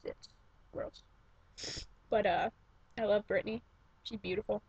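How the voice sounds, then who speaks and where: Talking to her webcam at home, a young woman vlogs in a gushing, profane, self-interrupting ramble. Her mid-range voice is steady and measured, darkish and breathy, with vocal fry and frequent pauses. The webcam mic cuts off the highs.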